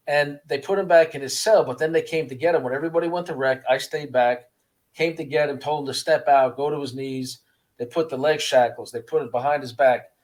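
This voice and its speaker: A man, a former prisoner, telling his story in a casual interview with an earnest, halting manner, often repeating words. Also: medium pitch. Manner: earnest, repeats words, acts out guards' voices.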